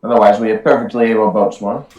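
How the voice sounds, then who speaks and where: A man speaks calm, decisive lines as a ship captain in a tabletop game. He sounds set back from the mic. The voice echoes around the room. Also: fairly low pitch, fast, distant mic. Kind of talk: tabletop role-play.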